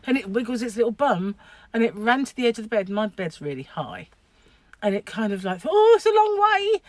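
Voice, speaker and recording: A woman's voice: on the low side, no room sound. A middle-aged woman chatting casually to camera in a vlog, telling a story and laughing often. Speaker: vlogger.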